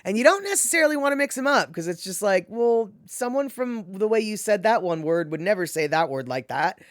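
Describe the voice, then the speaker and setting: A woman hosting a live stream, chatting casually and reading out chat messages, animated and laughing often with lots of fillers. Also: mid-range voice, a little fast, dry recording, clean studio sound. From Washington state. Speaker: livestream host reading chat.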